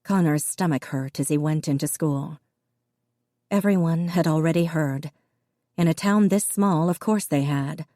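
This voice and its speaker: In studio-quality audio free of room sound, a deep-voiced woman delivers scripted audiobook narration in an even, measured reading.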